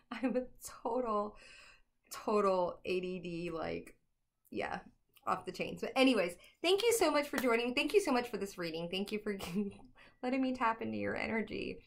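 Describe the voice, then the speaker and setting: A young woman giving a casual tarot reading to camera at home, chatty and excitable, laughing often. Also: mid-range voice, normal speed, gravelly. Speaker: tarot reader.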